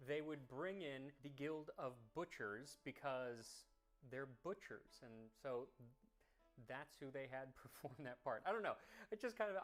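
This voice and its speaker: A man hosting a cooking history show, chatting and thinking aloud as he tastes a dish and explains its history. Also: on the high side. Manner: curious, enthusiastic about history. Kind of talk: tasting commentary to camera.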